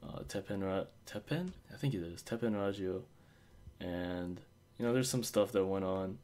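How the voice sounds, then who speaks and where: A man's voice: low-pitched, moderate pace, darkish tone. A man co-hosting a casual fan podcast, rambling with many fillers and restarts. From Osaka. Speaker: podcast co-host.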